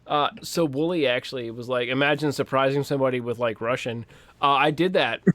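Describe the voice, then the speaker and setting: A young man with a Western Pennsylvania accent, co-hosting a casual podcast chat and telling profane, animated stories full of acted-out quotes. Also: mid-range voice, fairly quick, dry recording. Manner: profane, animated storytelling, acts out quoted voices. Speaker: podcast co-host.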